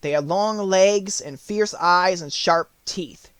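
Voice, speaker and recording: A man reading an audiobook, narrating the story in clear, even tones. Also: high voice, takes it slowly, hardly any pauses, no room sound.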